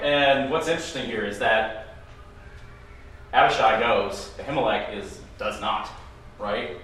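A man's voice: mid-range voice, measured pace, pauses often. Man leading a Bible study, echoey and distant. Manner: animated, acts out quotes in playful voices. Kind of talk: casual Bible study discussion. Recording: echoey room from far off with faint ambience.

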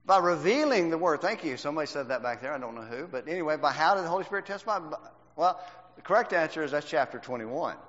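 A man's voice: fairly high pitch, expressive, fast, a bit bright. Man teaching a Bible class in a hall. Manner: quizzes the class with questions, emphatic. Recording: dull lo-fi recording in a reverberant hall.

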